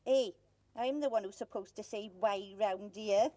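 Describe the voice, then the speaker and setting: A woman's voice: medium pitch, normal speed, dark tone, no room sound, lightly acted. A woman voicing a cheeky, curious puppet bird on a children's show, coy and eager.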